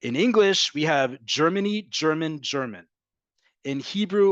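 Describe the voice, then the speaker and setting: A fairly high-voiced man teaches a live online language class. He is emphatic and repeats and drills pronunciations. The sound is close and dry, with no room echo. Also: lively intonation, moderate pace, lo-fi sound. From from an American family. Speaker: Hebrew teacher.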